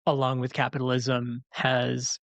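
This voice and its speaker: A man's voice: medium pitch, completely flat delivery, measured pace, gravelly, fairly bright tone, no echo. Opinionated man explaining yoga on a podcast. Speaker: podcast co-host, yoga teacher. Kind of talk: casual chat.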